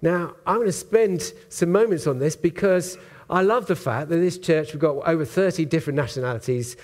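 A man preaching a sermon in church, in a relaxed conversational way with frequent ums and uhs. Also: fairly high pitch, fairly quick. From Britain. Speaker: pastor.

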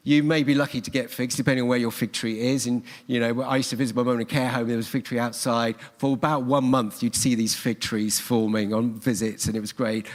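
A man preaching a sermon in a church, telling the story earnestly and repeating his key phrases for emphasis. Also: medium pitch. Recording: long church hall reverb.

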